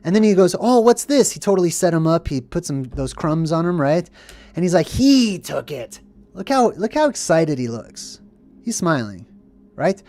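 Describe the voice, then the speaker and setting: A man's voice: on the high side, big pitch swings, moderate pace, darkish tone, dry recording. Man hosting earnest movie-meaning commentary, preachy tone, dry close recording. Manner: earnest, preachy, keeps checking in with "right?" and "okay?". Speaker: host. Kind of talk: film symbolism commentary.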